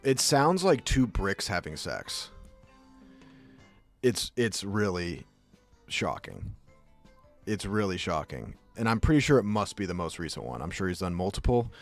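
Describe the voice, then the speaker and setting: A man's voice: low-pitched, very animated, unhurried, pauses often, faint music behind. A man streaming and chatting casually, rambling through jokey asides. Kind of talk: casual chat.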